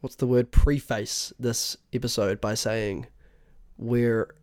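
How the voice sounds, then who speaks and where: A man's voice: mid-range voice, steady tone, takes it slowly, darkish tone, dry recording, clean studio sound. A young man with a New Zealand accent co-hosting a podcast, congested and nasal, chatting loosely and laughing often. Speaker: podcast co-host. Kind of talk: casual podcast banter.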